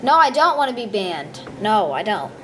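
A woman's voice: medium pitch, very animated, normal speed, a bit bright, slight background noise. A woman giving casual, rambling commentary over her gameplay, full of ums and uhs and goofy asides. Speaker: gameplay video maker.

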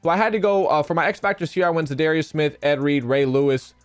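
A young man giving excitable gameplay commentary to his viewers, his voice strained and cracking, repeating phrases as he plays. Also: on the high side, fast, clean tone, no room sound, soft background music. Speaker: gaming YouTuber.

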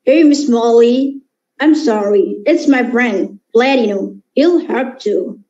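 A woman voicing a polite, apologetic cartoon boy in a slow, lowered boyish voice. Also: warm tone, muffled recording.

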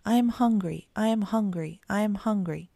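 A woman's voice: mid-range voice, normal speed, vocal fry, mellow, no room sound, studio quality. A woman voicing three small, eager kittens who speak together in pleading, lifted tones.

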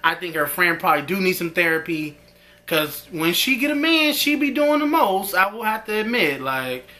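Lively slangy man recapping a show. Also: high voice, normal speed. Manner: animated, slangy retelling with frequent laughter. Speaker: episode reviewer. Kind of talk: casual recap and commentary.

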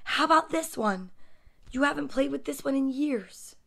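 A woman voicing an exasperated mother who shouts and scolds her son over his toys, reading from a picture book. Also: high-pitched, lively intonation, normal speed, gravelly, heavily acted. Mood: stern. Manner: shouting, bossy. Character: exasperated mom yelling about toys.

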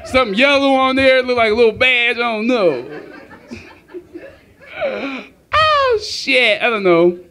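A man's voice: very high-pitched, very animated, takes it slowly, long pauses, pushed and bright. A man doing a crude, profane stand-up comedy set on a club stage, laughing at his own jokes.

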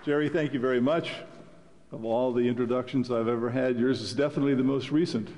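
A man's voice: medium pitch, steady tone, quick pace, a crowd in the background, background noise. An older man giving a folksy public lecture as an economics professor, joking and loose with fillers, heard with long lecture-hall reverb.

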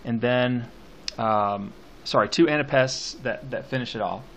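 Slow, halting male poetry teacher. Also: medium pitch, lo-fi sound, a little hiss or hum. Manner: halting, many fillers and restarts; slows right down to read poem lines aloud. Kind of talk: classroom poetry lecture.

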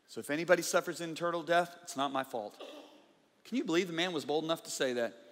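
Preacher guy at a conference, sharp tense tone, gets loud then goes quiet, big echoey church hall. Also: a little high, quick pace. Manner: emphatic, swings from loud bursts to quiet intensity. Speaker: guest preacher. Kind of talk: conference sermon. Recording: live hall with long reverb.

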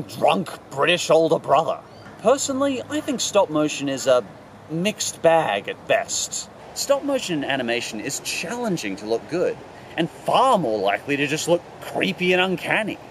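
A man hosting a comedic cartoon review with a sarcastic, animated delivery. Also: fairly high pitch, moderate pace, slight background noise. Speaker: host.

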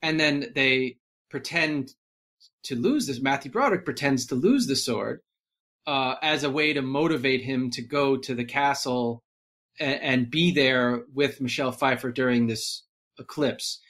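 A man talking casually on a podcast, rambling and animated, full of fillers and restarts. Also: medium pitch, a little slow. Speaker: podcast guest. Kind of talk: casual movie discussion.

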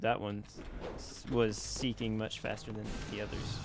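A man giving casual gameplay commentary into his desk mic, chatty and quick to exclaim, talking back to the enemies on screen. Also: fairly low pitch, flat delivery, creaky, soft background music. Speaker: let's play gamer. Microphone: personal desk mic.

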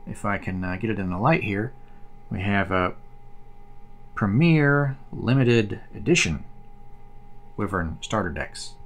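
A man hosting a casual explainer video about collectible cards, chatty and rambling with fillers and restarts. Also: lowish voice. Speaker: card collector host.

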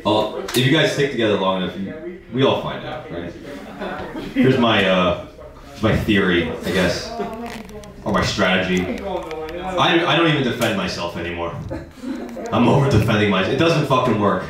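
A man's voice: moderate pace, long pauses. Young male stand-up comic in an echoey club. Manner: animated, jumps into high squeaky voices when quoting women. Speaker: stand-up comedian. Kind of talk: stand-up comedy set. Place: comedy club with a live audience. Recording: echoey club from a distance, crowd laughing.

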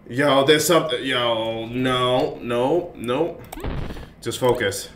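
A man's voice: medium pitch, slow, fairly bright tone. A young man giving panicky, jumpy commentary while playing a horror game and talking to himself. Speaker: gaming YouTuber. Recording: roomy, distant mic, faint hiss.

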